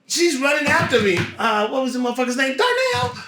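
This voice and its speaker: A man's voice: extremely high pitch, brisk, noisy background. A middle-aged man, a guest actor, telling stories in a casual podcast chat with plenty of cursing, acting out the people in his tales. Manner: profane, lively storyteller who acts out voices. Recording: roomy echo.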